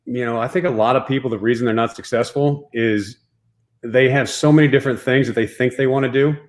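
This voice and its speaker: A man's voice: medium pitch, steady tone, brisk. A man from the Dallas-Fort Worth area of Texas, a former pro baseball player, telling a personal story as a guest in a casual, profane, emphatic way.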